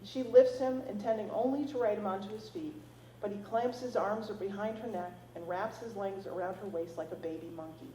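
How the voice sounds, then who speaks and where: A woman author reading her novel aloud at a library event, with expressive, casual asides. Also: mid-range voice, normal speed, reverberant, slight background noise, poor audio.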